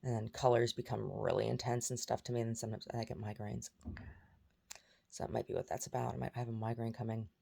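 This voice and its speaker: A woman's voice: extremely low pitch, fairly even intonation, quick pace, gravelly, mellow, husky. A woman vlogging in a rambling, chatty way, jumping between topics. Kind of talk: casual chat.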